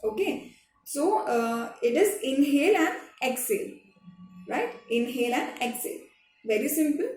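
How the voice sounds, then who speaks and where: A woman, a drama teacher giving a slow, patient online lesson to children, repeating each step. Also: sits high, lively intonation, darkish tone. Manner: slow, repetitive, patient instruction. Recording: echoey room, recorded from some distance, faint music behind.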